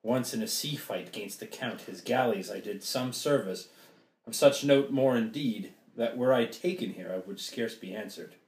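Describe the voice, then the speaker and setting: A man reading a wary sea captain in an amateur play reading, measured and earnest. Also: medium pitch, darkish tone, reverberant, lightly acted. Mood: grave.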